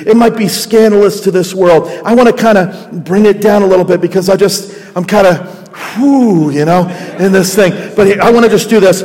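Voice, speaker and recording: A raspy-voiced man with a New Jersey accent preaches with fervor, driving his points home through repetition. His voice sits high for a man, and it carries a long reverb through a large church hall. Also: moderate pace, a little mellow. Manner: impassioned, repeating phrases for emphasis. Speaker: pastor. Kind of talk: sermon.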